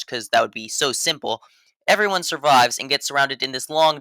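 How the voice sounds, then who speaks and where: A man delivers scripted review commentary with dry sarcasm and a mock-serious tone. His voice is bright and forceful. It sits close and dry, with no room around it. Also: mid-range voice, dry recording. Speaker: video game reviewer.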